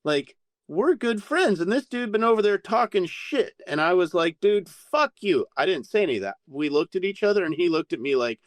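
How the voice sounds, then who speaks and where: A man telling a candid story as a podcast guest, animated and full of swearing. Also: high voice, fairly quick, no echo. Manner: profane, animated anecdote-telling.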